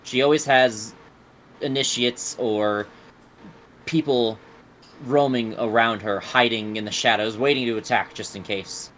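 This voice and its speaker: A man voicing a weary, aloof male jinni bound by contracts, speaking in slow, grave, clipped pronouncements during a tabletop game. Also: mid-range voice, fairly even intonation, fairly bright tone, a little hiss or hum, natural voice, poor audio. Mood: grim. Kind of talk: tabletop role-play voicing.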